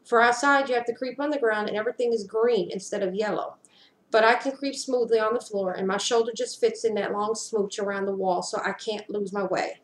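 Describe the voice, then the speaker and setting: A woman's voice: mid-range voice, steady tone, a little fast. Woman reading a story, roomy webcam sound. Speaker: reader. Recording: roomy echo.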